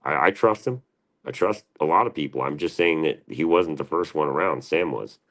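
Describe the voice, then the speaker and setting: A man's voice: very deep voice, lively intonation, normal speed, fairly bright tone. A man hosting a livestream, answering his chat in a profane, combative and defensive rant. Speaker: livestream host.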